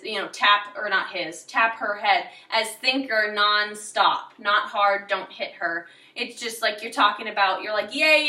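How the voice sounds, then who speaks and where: A woman's voice: on the high side, bright, forceful tone, roomy sound, far from the mic, poor audio. A woman drama teacher directing young students through a show's choreography, now and then singing or acting out lines as examples. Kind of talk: choreography instruction.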